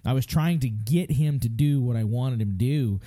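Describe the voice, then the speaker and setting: A man's voice: mid-range voice, normal speed, warm tone. A middle-aged man co-hosting a parenting podcast, telling a story in a rambling, folksy way with frequent laughs. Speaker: podcast co-host. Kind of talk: casual chat.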